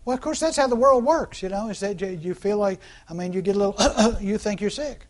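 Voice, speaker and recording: High-voiced man preaching a casual sermon. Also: quick pace, hardly any pauses. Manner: conversational preaching with rhetorical questions and call-outs; acts out quoted voices mockingly. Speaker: pastor.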